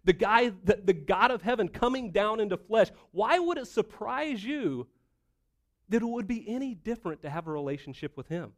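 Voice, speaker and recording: A middle-aged male pastor preaching a conversational sermon, animated and full of rhetorical questions. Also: sits high, normal speed.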